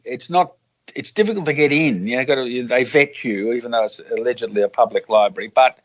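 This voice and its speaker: A man's voice: mid-range voice, muffled recording. An Australian man, an author and journalist, telling rambling anecdotes in a casual interview over a call.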